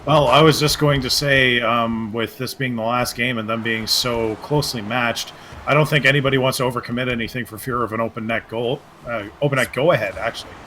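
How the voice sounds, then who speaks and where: A man adds colour commentary to a live esports match, breaking down plays calmly and dropping dry jokes. His voice is bright and forward, carried over a headset. A faint hiss sits under it. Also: medium pitch. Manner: measured analysis with dry jokes. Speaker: esports co-caster.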